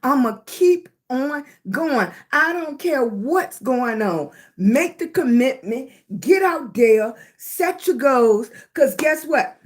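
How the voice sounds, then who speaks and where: Woman, high voice, casual live-stream host, a bit congested, warm drawn-out greetings. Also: expressive. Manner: chatty, greets viewers, drawn-out emphatic talk. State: recovering from illness, congested.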